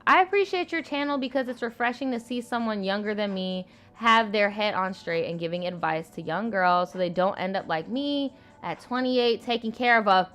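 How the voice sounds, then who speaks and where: A woman's voice: mid-range voice, normal speed, few pauses, fairly bright tone. A woman in her twenties reading viewer stories aloud and reacting to them in a blunt, profane, slangy way. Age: 20s. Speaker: host.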